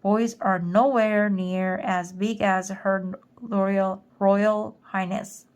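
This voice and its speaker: A woman's voice: mid-range voice, little pitch movement, very slow, a little mellow. Woman doing a flustered ant guard. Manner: flustered, fawning, stammering apologies. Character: big nervous male ant palace guard.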